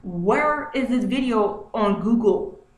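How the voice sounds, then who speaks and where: A woman's voice: fairly high pitch, animated, slow. A woman vlogging from home at her computer, talking through what is on her screen in an agitated way and repeating herself often. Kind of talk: screen-share commentary. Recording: roomy echo, faint noise.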